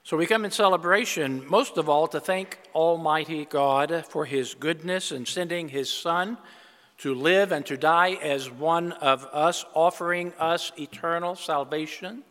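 A man's voice: fairly high pitch, unhurried, a bit bright, big-room sound. An older male preacher giving a sermon, opening with jokes and then speaking earnestly about giving and stewardship. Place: church.

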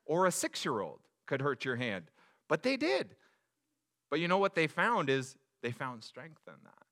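Male pastor, thirties, animated storyteller, bright forceful voice, slightly high. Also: a little slow. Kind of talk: sermon with personal stories.

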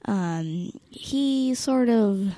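A teenage girl talking casually about her younger siblings, giggling and often dropping into a soft near-whisper. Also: medium pitch, expressive, drawn-out words, dry recording. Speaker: interviewee, older sibling. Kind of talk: casual family interview.

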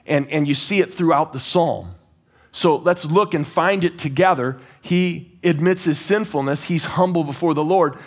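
Emphatic male preacher with a higher voice. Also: husky. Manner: emphatic, swings between high urgent bursts and low quiet stresses, some stammering. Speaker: pastor. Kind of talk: sermon.

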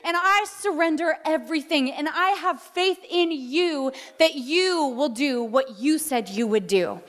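High-voiced woman preaching in a hall. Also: animated, unhurried. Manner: heartfelt, tearful at times, laughs often. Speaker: pastor. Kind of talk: sermon. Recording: long hall reverb with soft music.

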